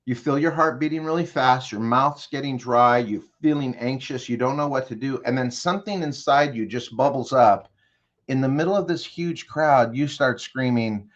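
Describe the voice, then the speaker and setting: This clip has dull audio of a man speaking unhurriedly in a mid-range voice. He's a consultant appearing as an interview guest, leading the host through a hypothetical situation and steering the listener with pointed questions along the way.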